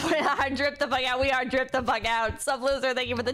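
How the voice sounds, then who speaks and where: A woman streaming a game, chatting casually with her viewers and bursting into excited squeals and laughter. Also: high voice, brisk, soft background music. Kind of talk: casual gameplay commentary.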